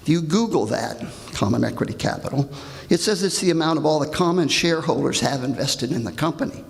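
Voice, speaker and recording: An older man with a gravelly voice, reading a pointed, indignant prepared comment at a public hearing. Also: a little high, expressive, fairly quick. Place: large hall. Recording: reverberant hall.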